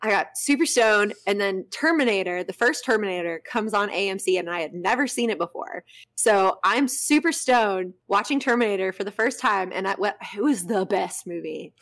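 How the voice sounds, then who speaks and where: A woman's voice: medium pitch, moderate pace. A young woman hosting a podcast, telling a casual story with lots of swearing and frequent laughter. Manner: animated, swears freely, breaks into laughter. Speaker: podcast host.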